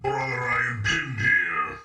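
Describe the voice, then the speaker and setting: A man using a voice changer to play a gruff male armored space warrior who barks battlefield orders. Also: medium pitch, expressive, takes it slowly, sharp tone, heavily acted. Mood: commanding. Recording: echoey, distant, music behind.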